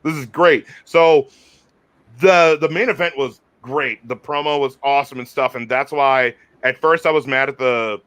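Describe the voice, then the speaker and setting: A man hosting a casual wrestling review chat, excitable and rambling, often restarting his sentences. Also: medium pitch, moderate pace, smooth, no echo.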